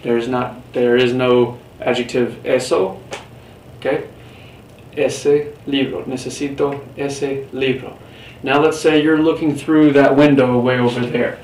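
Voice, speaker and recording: In this Spanish class recording, the teacher's medium-pitched voice is steady, a little slow, and a little mellow, picked up off-mic in a roomy space with faint hiss. He explains patiently step by step and puts questions to the class.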